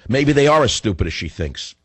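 His mid-range voice swings widely in pitch and carries a breathy edge as he speaks fairly quickly. He's a male radio host from the northern United States, getting over the flu with a cough, delivering a sarcastic, combative monologue recorded dry on a studio microphone.

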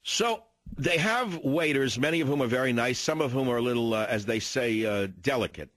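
Ranting older talk radio host. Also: male voice, medium pitch, expressive, a little fast, a bit bright, no echo. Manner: ranting, indignant storytelling.

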